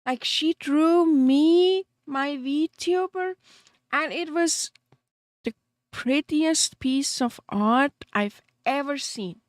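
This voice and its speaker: High-voiced, giggly woman streamer. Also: drawn-out words, no room sound. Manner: giggly and openly emotional, laughing often between sentences; self-deprecating rambling with small restarts. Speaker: VTuber streamer. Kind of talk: casual chat with stream viewers.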